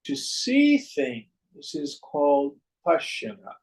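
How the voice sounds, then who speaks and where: Slow gravelly-voiced male spiritual teacher. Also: on the high side, very animated, rough recording. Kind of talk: slow scripture commentary talk.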